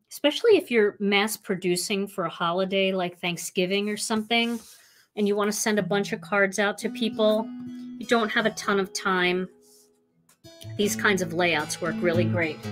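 A woman hosting a live crafting demonstration, chatting with her viewers as she works. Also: medium pitch. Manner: chatty, talks to viewers while working. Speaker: craft show host.

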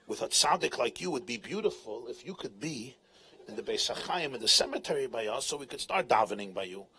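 A man's voice: medium pitch, lively intonation, brisk, pushed and bright, a little hiss or hum, pitched below the performer's own voice. A man doing a sly devout prankster, mock-admiring. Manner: mock-admiring, then scolding. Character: sly devout man feigning awe, pressing a fraud.

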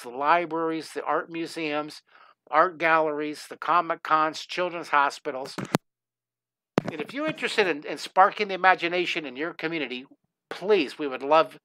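A middle-aged man hosts a live-streamed drawing lesson, chatting eagerly and rambling as he sketches. His voice is fairly high and bright with an edge of tension. The sound is dry and close, with no room echo. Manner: enthusiastic, gushing, talks while drawing, many restarts.

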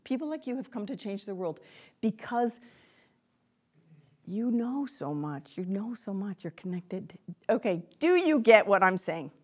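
A woman delivers a lecture to a live audience, chatty and animated in tone. She speaks as a psychic medium and addresses her listeners directly, often breaking into laughter. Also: mid-range voice, measured pace.

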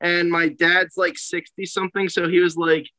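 A man's voice: sits high, little pitch movement, normal speed, pushed and bright, no echo, low-quality recording. A young man, a comedian, chatting casually on a podcast and telling stories with laughs, acting out his own reactions. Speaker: comedian guest.

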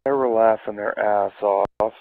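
A man's voice: fairly low pitch, fairly even intonation, unhurried, dry recording. A man telling a casual anecdote in a profane way, laughing as he goes. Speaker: storyteller. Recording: tinny phone-like audio.

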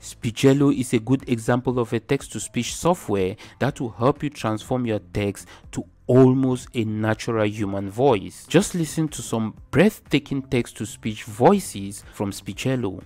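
A man narrating a scripted video in a plain, even manner. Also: medium pitch, measured pace, few pauses. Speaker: channel narrator. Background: faint background music.

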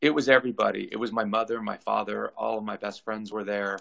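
A guest in his forties from Southern California speaks earnestly in a casual video call interview, often repeating his words as he tells his story. His lowish voice is level in tone, fast and fairly bright, with vocal fry. The recording is rough.

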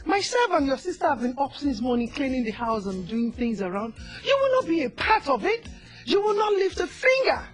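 A woman's voice: high-pitched, very animated, brisk, soft background music. An actress playing a devout, weary mother who scolds and pleads with her wayward son. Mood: scolding. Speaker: actor. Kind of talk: Nigerian film drama.

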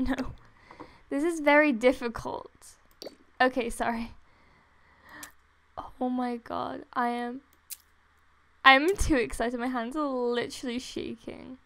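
A young woman doing excited gameplay commentary, gasping, laughing and gushing near tears into a desktop microphone at home. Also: high voice, takes it slowly, gravelly, long pauses. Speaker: gaming vlogger. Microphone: desktop USB microphone.

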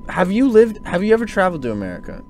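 A man hosting a casual podcast chat, animated and ranting, swearing freely. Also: high voice, rapid-fire, a little hiss or hum. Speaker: podcast host.

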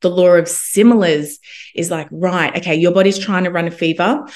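Woman, young adult, low-ish voice, chatty storyteller, animated. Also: normal speed. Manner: animated, quotes others in lively asides. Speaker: homeopath guest. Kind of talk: casual storytelling.

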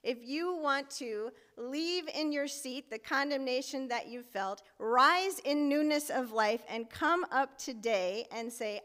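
A woman's voice: fairly high pitch, a bit bright. A woman preacher giving a sermon in a church, speaking earnestly and leading the congregation in repeating phrases. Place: church sanctuary. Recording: echoey church hall with faint music.

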